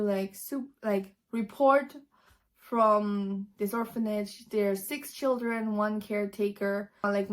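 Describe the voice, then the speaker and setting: Woman, book vlogger, casual summary, chatty, animated, lots of fillers, slightly high voice.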